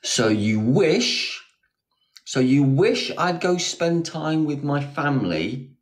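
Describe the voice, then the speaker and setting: Using a phone mic, a man hosting a live stream reads comments and teases his viewers sarcastically as he replies. He speaks slowly in a fairly high voice with big pitch swings.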